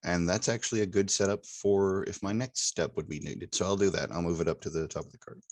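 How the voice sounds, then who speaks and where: A man playing a tabletop game, thinking aloud and asking quick rules questions. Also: sits low, steady tone. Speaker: player. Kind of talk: casual tabletop play.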